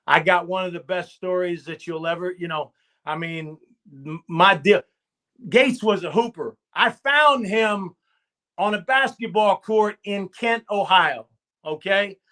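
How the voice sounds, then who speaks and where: A man's voice: sits high, unhurried, bright, forceful tone. A man, a football coach, telling stories in an interview with emphatic, repetitive phrasing and rallying asides. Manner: emphatic and repetitive, rallying with "okay?" and "I'm gonna tell you what". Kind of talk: animated storytelling in a live stream interview.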